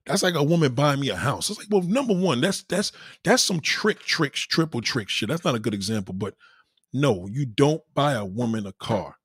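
A man's voice: mid-range voice, animated, moderate pace, a bit bright, slightly rough, no echo, clean studio sound. A man giving a blunt, profane opinion rant in a casual way, breaking off now and then to act out other people. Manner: acts out quoted people in varied voices.

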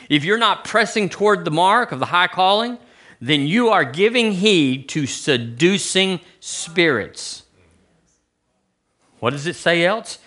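A pastor preaches to his congregation, throwing rhetorical questions out to them. His voice is on the high side for a man, bright and forceful, and it rises and falls all the way through. The talk stays conversational, more like chatting with a room than orating. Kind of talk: sermon. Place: church sanctuary.

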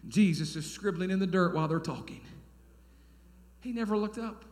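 A man, preaching a sermon as a pastor in folksy storytelling style, dropping to quiet asides and rising to loud, emphatic bursts. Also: sits high, moderate pace. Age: 30s. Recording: echoey hall.

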